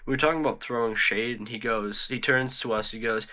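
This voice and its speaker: A young man on a podcast with friends, talking in a deadpan, low-key way. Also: a little fast. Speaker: podcast co-host. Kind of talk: casual chat among friends.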